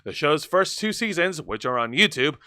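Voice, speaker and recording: Man, co-host, high voice, bright tone, dry close sound, reads news with fillers. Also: very animated, normal speed, no echo. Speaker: podcast co-host. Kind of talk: casual live-stream chat and sponsor reads.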